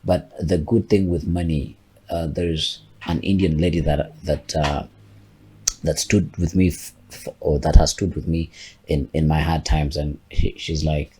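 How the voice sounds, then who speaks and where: A man's voice: rumbling low, steady tone, measured pace, dark tone, husky. A man, reflecting aloud in a casual podcast chat and often repeating words as he thinks. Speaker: podcast co-host.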